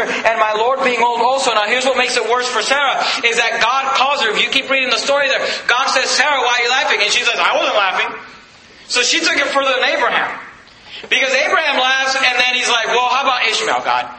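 A man's voice: extremely high pitch, noisy background. A male pastor preaching a sermon, reading scripture aloud and driving his points home with rising emphasis. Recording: echoey hall.

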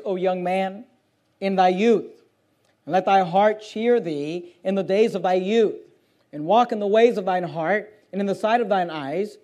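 A man preaching a fiery sermon, reading scripture aloud and driving his points home with emphatic repetition. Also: high voice. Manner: forceful, emphatic, shifts between loud preaching and quieter reading.

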